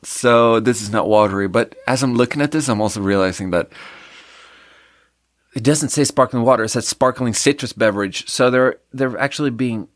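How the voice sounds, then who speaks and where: A man's voice: mid-range voice, moderate pace, no echo, studio quality. A man hosting a solo podcast, chatting casually in a rambling, self-deprecating way that trails off and restarts. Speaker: podcast host.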